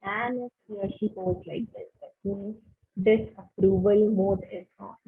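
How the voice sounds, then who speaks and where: A woman's voice: medium pitch, steady tone, a little slow, husky. A woman from India teaching a webinar on personal presentation, giving direct instructive tips. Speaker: webinar trainer. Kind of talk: online training lecture. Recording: tinny phone-line webinar audio.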